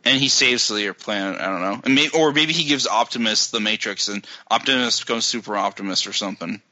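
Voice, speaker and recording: A sarcastic man explains film plots on a casual podcast. His voice sits low in pitch yet sounds very bright and edgy. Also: brisk, poor audio. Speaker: podcast co-host.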